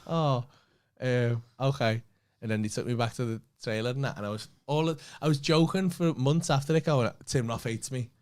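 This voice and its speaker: A man with a Liverpool accent, a comedian co-hosting a podcast, telling a story in an animated way, swearing freely and acting out what other people said. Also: medium pitch, normal speed, smooth. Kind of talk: casual anecdote telling.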